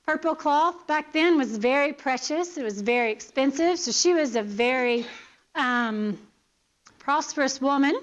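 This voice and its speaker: Teaching a Bible lesson in church, a woman earnestly poses pointed questions to her listeners and keeps checking in with "okay?". Her high voice is expressive and unhurried, and the audio sounds dull.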